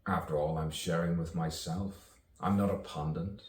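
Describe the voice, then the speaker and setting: A man's voice: low-pitched, fairly even intonation, normal speed, darkish tone. A man rambling in a self-recorded monologue, musing and sardonic, asking himself questions and laughing at himself. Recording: echoey room, distant mic, faint background noise.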